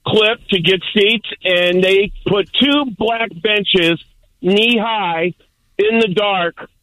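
A man's voice: sits high, takes it slowly, sharp tone, no echo, rough recording. An older man calling in to a radio show, telling a rambling, boisterous story. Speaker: caller. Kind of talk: call-in radio chat.

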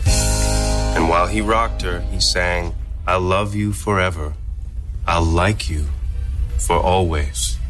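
A deep-voiced, drawn-out dramatic reading of a bedtime story, lingering on every word. The low voice moves at a crawl, soft and solemn, with faint music underneath. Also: male voice. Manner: slow, drawn-out, tender delivery. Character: man giving a slow, heartfelt storybook reading. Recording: clip played on air.

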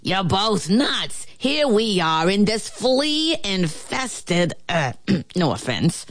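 A grumpy storybook ant, voiced by a woman drags out his words in slow, fed-up grumbles. The voice is close and dry. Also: medium pitch, very animated, fairly bright tone, breathy edge, dry recording, exaggerated voice. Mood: exasperated. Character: grumpy, exasperated ant, short-tempered.

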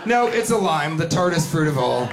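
A man's voice: a little high, very animated, moderate pace, slight background noise. A man doing a stand-up rant with mock outrage and exaggerated acted-out reactions. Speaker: stand-up comedian.

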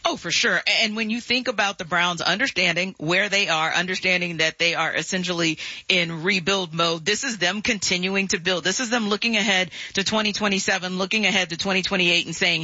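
A man's voice: high voice, a little fast, few pauses, sharp tone, no echo. A man co-hosting sports talk radio, agreeable and building on the others' points at length. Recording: dull dry lo-fi studio sound.

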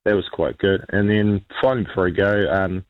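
Kiwi bloke, deep voice, chatting on a radio show, kinda muffled. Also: male voice, steady tone, fairly quick, dry recording. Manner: rambling, lots of ums and restarts. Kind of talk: casual radio chat.

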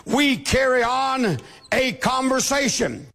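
A man preaching a sermon, with a shouting preacher's cadence, acting out the voices he quotes. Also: very high voice, expressive, slow pace. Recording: long hall reverb.

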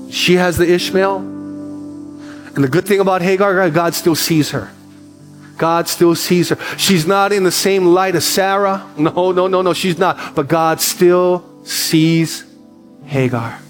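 A middle-aged man preaches with a slightly high voice, moving between quick storytelling and slow, emphatic repeated phrases. Faint music plays quietly behind him. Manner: animated storytelling with repetition. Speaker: pastor. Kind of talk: sermon to a youth group.

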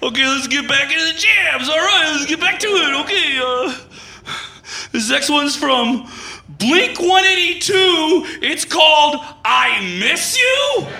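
A comedian acting out a heartbroken male radio DJ who shouts his on-air patter while his voice keeps breaking. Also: very high-pitched, animated, measured pace, creaky, background noise, pitched above the performer's own voice, heavily acted. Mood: frantic. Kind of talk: stand-up act-out. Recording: roomy echo.

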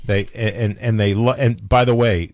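A man's voice: on the low side, steady tone, moderate pace. An American man co-hosting a talk show, chatting casually and cutting in with opinions. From United States. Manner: opinionated, interjecting. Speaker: talk radio co-host. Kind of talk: casual chat.

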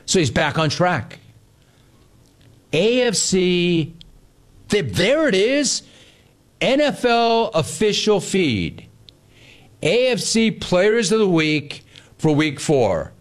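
A man's voice: high voice, very animated, slow pace, pauses often. A man hosting sports talk radio, riffing sarcastically and telling stories to his listeners.

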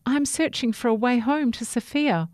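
A woman voicing a small, eager boy toothbrush who is lost and hopeful, speaking in a high squeaky voice. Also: moderate pace, darkish tone, dry recording, studio quality, lightly acted.

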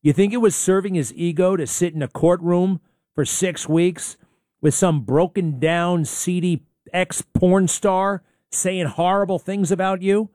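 A man's voice: high voice, fairly even intonation, a little slow, darkish tone, no echo, studio quality. A man hosting a talk radio show, ranting in a fired-up way with many rhetorical questions. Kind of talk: heated talk radio monologue.

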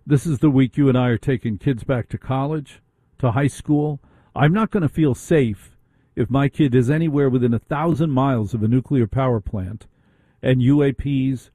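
Man, radio talk host, ranting monologue, rhetorical questions, dark husky voice, dry close sound. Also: medium pitch, no echo.

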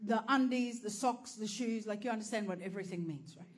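A woman's voice: mid-range voice, a little fast, a little hiss or hum. A woman telling a stand-up comedy story in a crude, profane, self-mocking way. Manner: lively, animated delivery.

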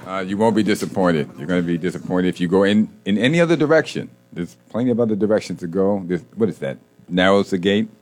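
A male radio co-host with a fairly low voice talks casually in a studio. He is jokey and laughs easily, with loose, chatty pacing. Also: quick pace, darkish tone. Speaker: co-host of a faith sports radio show. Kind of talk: casual radio chat and scripture reflection.

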